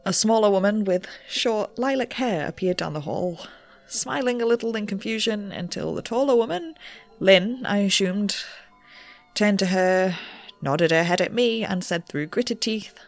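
A young researcher, played by a woman narrates her own misadventures in an audio drama. She rambles, trips over her words and pokes fun at herself. Her pitch sits in the middle, with faint music behind her. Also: measured pace, lightly acted. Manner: rambling and self-deprecating. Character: nervous, rule-bending young woman researcher.

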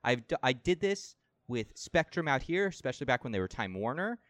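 A man from the United States co-hosting a casual podcast chat, animated and laughing as he tells stories. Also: medium pitch, brisk, no room sound. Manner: animated storyteller, laughs often. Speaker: podcast co-host.

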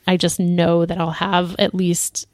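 A woman's voice: on the low side, unhurried, dry recording. Chatty woman co-host in a dry room. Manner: relaxed, chatty, laughs easily, many ums. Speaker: podcast co-host. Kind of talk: casual chat.

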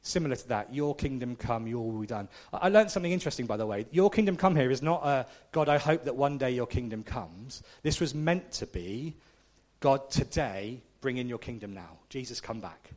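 A man's voice: medium pitch, lively intonation, a little fast, few pauses, darkish tone. A man preaching a conversational, self-deprecating sermon, often checking in with the congregation. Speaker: pastor.

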